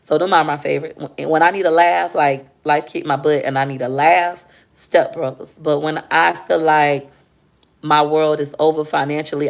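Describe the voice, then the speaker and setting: A woman's voice: low voice, gravelly. A young woman, chatting candidly with viewers on a casual livestream and reading their comments. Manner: chatty, candid, animated when retelling.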